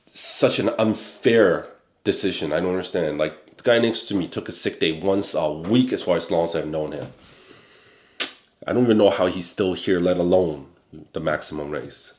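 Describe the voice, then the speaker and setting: A man hosting a talk show, telling a personal work story in a blunt, animated way, often tagging "okay?" onto his points. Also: low-pitched, reverberant, slight background noise. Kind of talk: casual storytelling monologue.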